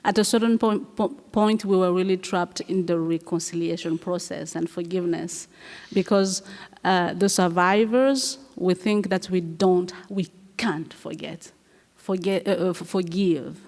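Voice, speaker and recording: Earnest halting woman in a reverberant hall. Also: fairly low pitch, darkish tone. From Rwanda. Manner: halting, repeats words, earnest. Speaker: guest playwright and performer. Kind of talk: conversational interview. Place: festival hall stage. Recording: long reverb of a live festival hall.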